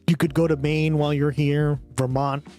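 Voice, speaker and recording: Rambling Boston streamer with music behind. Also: male voice, on the high side, level tone, normal speed, mellow. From Boston area. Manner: rambling, filler-heavy, laughs a lot. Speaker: streamer host. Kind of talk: casual livestream chat.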